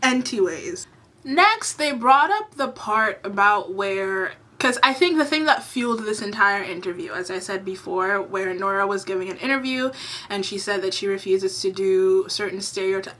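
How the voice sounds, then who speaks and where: A woman's voice: mid-range voice, bright, forceful tone, a little hiss or hum. A young woman giving a heated, exasperated commentary vlog rant, swearing freely. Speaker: YouTube commentator.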